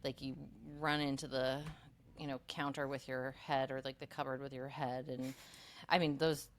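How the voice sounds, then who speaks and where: Low-voiced, foul-mouthed woman podcast host. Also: flat delivery, normal speed, slight background noise. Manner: swears freely, rambling with many likes. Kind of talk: casual podcast chat.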